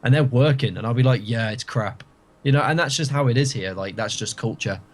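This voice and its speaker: A man's voice: medium pitch, fast talker. A British man chatting as a podcast guest, giving long winding explanations. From Britain. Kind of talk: casual podcast chat.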